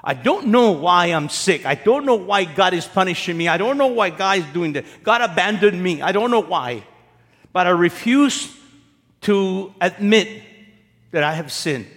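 A man's voice: high-pitched, animated, measured pace, fairly bright tone, in a large hall, heavily acted. A man acting out a suffering, defiant man who keeps pleading his innocence in a weary, stubborn way, as part of a sermon.

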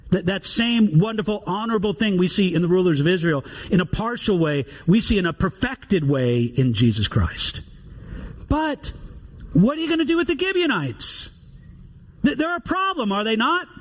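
Animated male preacher, high lively voice. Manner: animated preaching with scripture reading. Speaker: pastor. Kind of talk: sermon.

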